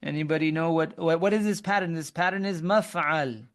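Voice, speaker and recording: A man's voice: fairly high pitch, a little fast, smooth. A man teaching Arabic grammar in an online webinar lesson, explaining step by step, quizzing his students and often restarting his sentences.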